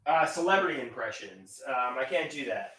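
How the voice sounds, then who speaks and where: A goofy man rambling on a live stream in a bright, lively voice that jumps into shouts and silly songs. He sounds set back from the mic, in a room that echoes. His talk stays self-mocking and loose. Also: mid-range voice, moderate pace, far from the mic. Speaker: livestreamer.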